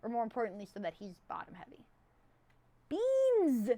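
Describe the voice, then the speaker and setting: A young woman with a high-pitched, squeaky voice, chatting casually and rambling on a live stream, swinging between loud and hushed. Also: rapid-fire. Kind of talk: casual chat.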